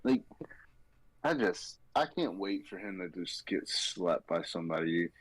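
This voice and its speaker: A man hosting a casual sports betting podcast, animated and mocking as he talks. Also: deep voice, measured pace, no echo, low-quality recording. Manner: animated, mocking, quotes people in sarcastic voices. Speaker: podcast host.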